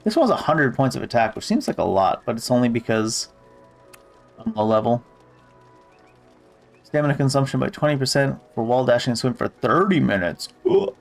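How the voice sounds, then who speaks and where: A man's voice: mid-range voice, big pitch swings, moderate pace, creaky, long pauses, faint music behind. A man giving casual gameplay commentary who reads game text aloud and swears offhandedly. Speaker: gamer.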